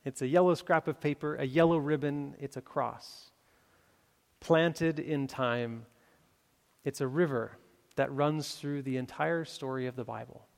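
A man's voice: medium pitch, steady tone, measured pace, creaky. A man preaching a sermon, telling a story with many fillers and restarts before making his appeal. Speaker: pastor. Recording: long hall reverb.

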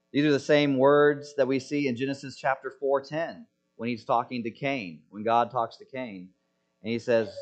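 Male preacher, mid-pitched voice, emphatic expository delivery, slightly dull recording. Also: fairly even intonation, normal speed. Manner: emphatic, rhetorical questions, swings from loud to hushed. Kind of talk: expository sermon.

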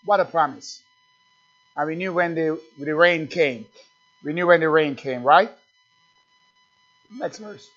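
A man's voice: on the high side, measured pace, long pauses. A man preaching a sermon, calling out questions and answering them in rising refrains. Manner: call-and-response, building to loud refrains. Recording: dull lo-fi recording with faint music.

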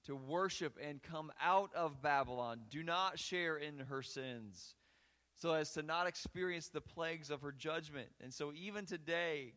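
A man's voice: fairly high pitch, a bit bright. A male pastor preaching a sermon and reading scripture aloud with earnest, rising emphasis in a church sanctuary. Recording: long hall reverb.

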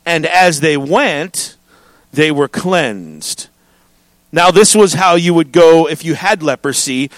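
A man preaching a sermon as pastor, reading scripture and joking with his congregation in an animated way. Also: fairly high pitch, slow, no room sound.

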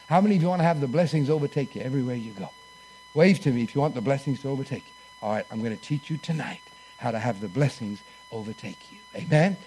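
A man's voice: fairly high pitch, darkish tone. A man preaching a sermon in church, telling a personal story and leading the congregation in call-and-response.

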